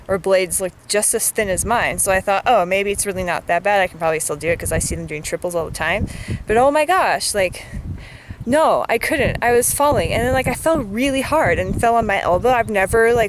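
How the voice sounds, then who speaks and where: A woman's voice: medium pitch, a little fast, noisy background. A woman vlogging in a casual chat, talking in a chatty, filler-heavy way and venting her frustration.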